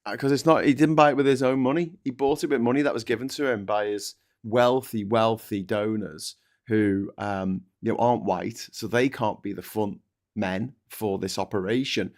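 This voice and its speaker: A man's voice: fairly low pitch, fairly even intonation, normal speed. Sweary sarcastic man chatting. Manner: sweary, sarcastic, acts out mocking voices. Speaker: podcast host. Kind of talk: casual political chat.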